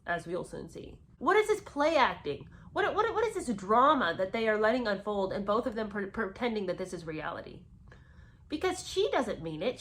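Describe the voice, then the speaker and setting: A woman's voice: mid-range voice, a bit bright. A woman giving sarcastic, incredulous commentary while reading from a memoir. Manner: scornful, incredulous, emphatic.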